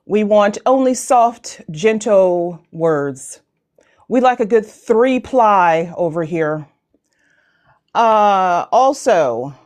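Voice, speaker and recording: An American woman in her forties moderates a live online town hall over a video call, joking and rambling casually as she talks. Her voice is medium-pitched and a little mellow.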